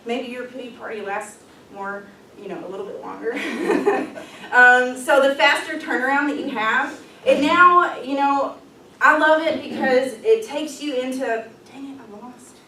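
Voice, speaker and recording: A woman's voice: high-pitched, unhurried, pushed and bright, a little hiss or hum. A woman presenting a leadership workshop, talking in an upbeat, casual way with frequent ums and light laughs. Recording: echoey room, voice from far off.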